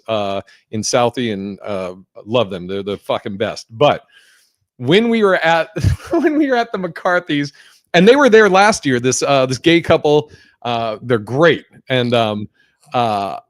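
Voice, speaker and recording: A man's voice: medium pitch, no echo, clean studio sound. A man hosting a podcast in casual chat, loose and profane, with many fillers and restarts. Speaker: podcast host.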